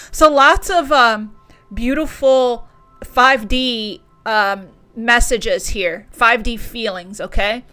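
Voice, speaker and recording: Woman doing a tarot reading, super emotional, keeps repeating stuff, bright voice. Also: on the high side, slow pace, faint music behind. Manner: gushing, emotional, repeats words. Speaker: tarot reader.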